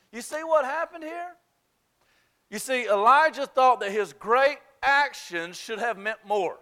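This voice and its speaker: High, bright-voiced pastor preaching. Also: male voice, animated, unhurried. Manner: emphatic, conversational, confessional. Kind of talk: sermon.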